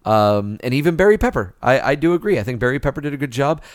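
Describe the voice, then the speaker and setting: A man co-hosting a film review podcast, chatting casually and giving measured opinions with hesitant fillers. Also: mid-range voice, animated, no echo, clean studio sound. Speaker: podcast co-host reviewing films. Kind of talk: casual chat.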